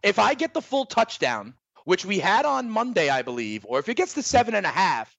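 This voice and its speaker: A man's voice: sits high, very animated, fairly quick, vocal fry, fairly bright tone, no echo. A man co-hosting a sports betting show, chatting conversationally and often checking for agreement. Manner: conversational, asks for agreement with "right?". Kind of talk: casual sports betting talk.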